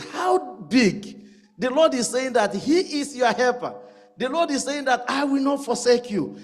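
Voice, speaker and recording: A man's voice: high voice, big-room sound. A man, a church elder, preaching a sermon, asking the congregation rhetorical questions and repeating key lines for emphasis. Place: church sanctuary.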